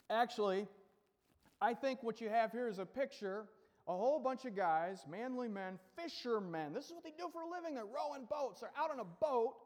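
A male pastor preaching a casual, joking sermon, acting out the scene as he tells it. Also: very high-pitched. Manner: casual, joking storyteller who acts out the scene. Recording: long hall reverb.

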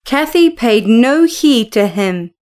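A woman reading a story aloud in a clear, measured narrating voice. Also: on the high side, animated, a little mellow. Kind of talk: audiobook narration.

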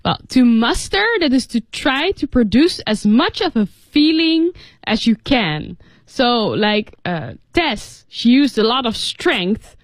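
A woman's voice: fairly high pitch, expressive, slow, no room sound. A woman co-teaching English in a radio studio, explaining words in a loose, casual way full of filler words.

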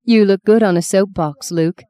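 A woman's voice: mid-range voice, moderate pace, warm tone, dry recording, natural voice. A woman voicing a shy young bride who speaks briefly and politely in a storybook reading. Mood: ironic.

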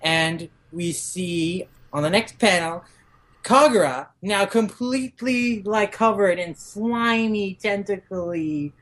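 A woman in a relaxed podcast chat, retelling a story with plenty of "like" and "uh". She jumps into quick, higher voices when she quotes the characters. Her voice sits at an ordinary middle pitch. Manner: many "like" fillers, acts out characters' lines in quick raised voices. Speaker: podcast guest. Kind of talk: casual manga recap.

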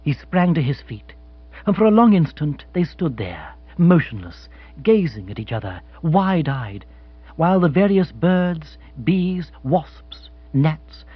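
A man narrating a comic novel with wry relish. His voice is husky and a little high, with an animated melody. The recording is dry and somewhat dull. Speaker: audiobook narrator.

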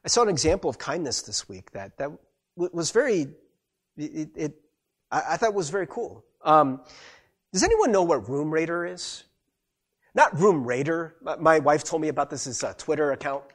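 Man, pastor, conversational sermon, husky voice, slightly high pitch, very expressive. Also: normal speed. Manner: conversational, animated, acts out quoted voices.

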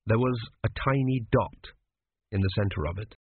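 Husky male audiobook narrator, wry dry storytelling; phone-like, dry audio. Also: fairly low pitch, moderate pace, no room sound. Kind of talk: scripted narration. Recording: dry tinny phone-like sound.

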